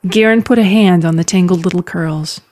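A woman narrating a fantasy story in a calm, measured storytelling manner. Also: lowish voice.

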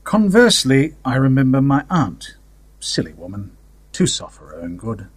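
A man with a husky, slightly breathy voice reads a story in the first person, wry and conversational. His delivery swings lively up and down in pitch, and the recording is close and dry with no room sound. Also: moderate pace, dry recording. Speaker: story narrator. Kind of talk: audiobook fiction reading.

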